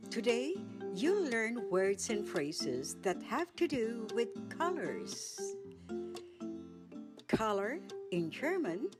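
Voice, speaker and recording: A woman with a Filipino accent presenting a basic language lesson, saying each word slowly and repeating it. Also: fairly high pitch, very animated, over music. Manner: slow, careful, repeats each word twice. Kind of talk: slow scripted language lesson.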